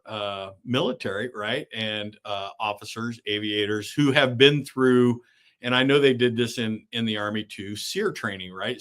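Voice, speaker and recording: A man's voice: medium pitch, a bit bright. A middle-aged man hosting a live online coaching session. He tags his points with "right?" and speaks with many fillers and restarts.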